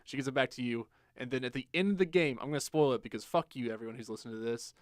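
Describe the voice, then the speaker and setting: Animated young podcast co-host, man. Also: mid-range voice, racing, no room sound, studio quality. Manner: animated storytelling, acts out quotes in silly voices; swears freely. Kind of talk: casual chat.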